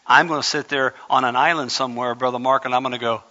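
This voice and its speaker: A man's voice: mid-range voice, steady tone, quick pace, few pauses, pushed and bright, long reverb tail, dull audio. A male pastor preaching a conversational sermon that rises to impassioned emphasis.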